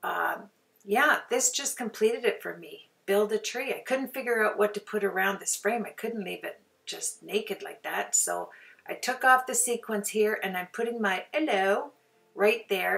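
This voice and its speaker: Older lady rambling thru her card craft video, kinda gravelly, slips into whispers. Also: mid-range voice, unhurried, a bit bright, far from the mic. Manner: chatty and rambling, drops to near-whispers. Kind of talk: casual crafting tutorial.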